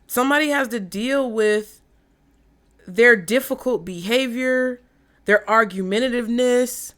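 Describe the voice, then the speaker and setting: A woman's voice: fairly high pitch, a little slow, fairly bright tone. A woman giving a casual tarot reading in a blunt, frank way, swearing freely. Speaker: tarot reader.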